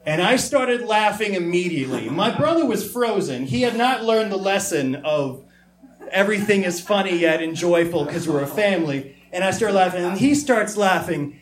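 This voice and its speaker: Brief: male storyteller, higher voice, comic delivery, acts out his family's voices, echoey live room. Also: expressive, moderate pace. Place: stage before a live audience.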